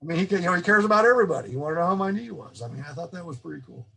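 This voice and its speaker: A man's voice: high voice, animated, racing, gravelly, fairly bright tone, rough recording. A man being interviewed, telling long, rambling anecdotes with frequent restarts and laughs. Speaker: interview guest, former ranch fairgrounds manager. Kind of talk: casual storytelling interview.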